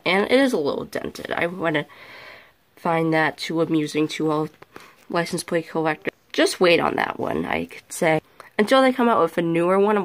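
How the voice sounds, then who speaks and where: A man's voice: fairly high pitch, fairly bright tone, a little hiss or hum. A male vlogger giving a casual show-and-tell from his bedroom, chatty and rambling, often correcting himself mid-sentence. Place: bedroom at home.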